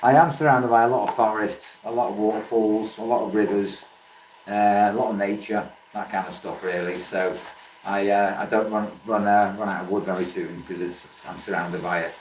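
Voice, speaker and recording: A laid-back man from Wales chats with his live viewers from his woodturning workshop. His voice sits a little low and he keeps calling people mate. The sound is roomy and echoey, as if he stands some way from the microphone. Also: fairly even intonation, normal speed, slight background noise. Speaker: woodturning livestream host. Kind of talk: casual live-stream chat with viewers. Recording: roomy echo, voice from a distance.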